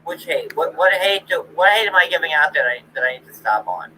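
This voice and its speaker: A man on a live stream calmly deflecting a caller's complaints. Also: a little high, brisk, slight background noise, poor audio. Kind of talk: casual live-stream chat.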